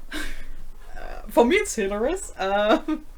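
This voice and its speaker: A woman's voice: fairly high pitch, very animated, slow pace. A young adult woman from Swabia in Germany, speaking English with a German accent in casual livestream chat, chatty and often repeating her words. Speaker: livestream co-host. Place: home in Berlin.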